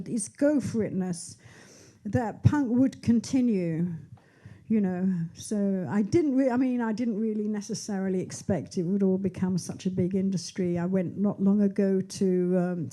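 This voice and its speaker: Speaking warmly in a mid-range voice, a sixty-something author chats through an onstage interview at her book launch, held in a bookshop with an audience. She rambles, restarting often and drifting into asides.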